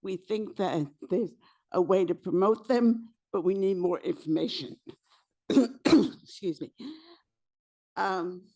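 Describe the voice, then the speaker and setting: A woman who is losing her voice, presenting to a community board as a housing committee co-chair, speaking haltingly with fillers and restarts. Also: lowish voice, warm tone. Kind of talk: public meeting presentation. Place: community board meeting room.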